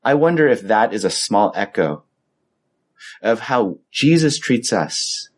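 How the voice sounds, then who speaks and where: A man's voice: fairly low pitch, slow pace, slightly rough. A man preaching a sermon in a conversational, storytelling way, acting out the quoted exchanges. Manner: conversational storytelling, animated when quoting himself. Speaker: pastor.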